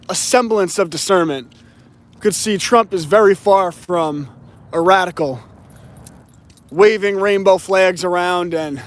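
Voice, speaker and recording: A man delivering an opinionated political monologue, slowing down to stress his key points. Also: high-pitched. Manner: emphatic, slows down to stress key words. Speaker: political commentator.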